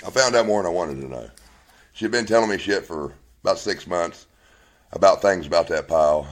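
A man's voice: low-pitched, poor audio. A man telling his story in a rambling, blunt way, swearing constantly and acting out both sides of an argument.

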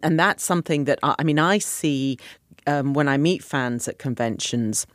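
A woman's voice: deep voice, moderate pace, dry recording, clean studio sound. An actress being interviewed, chatty and given to laughing as she talks. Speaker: actress guest. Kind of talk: interview answers.

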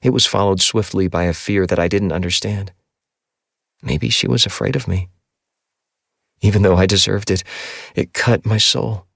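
A man reading a first-person novel aloud in a measured, somber audiobook narration. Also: deep voice, steady tone, gravelly, a bit bright, no room sound, studio quality.

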